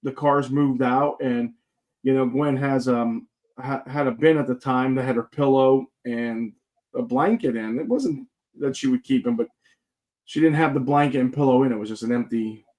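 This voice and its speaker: A man's voice: medium pitch, fairly even intonation, normal speed, darkish tone. A man telling ghost stories in casual chat as a guest paranormal investigator, joking and rambling with many fillers.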